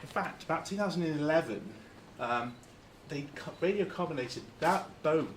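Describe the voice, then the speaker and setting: A man from Lancashire giving an informal talk to a club, halting and full of fillers and restarts. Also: a little high, lively intonation, a little hiss or hum. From Lancashire, England. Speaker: guest speaker.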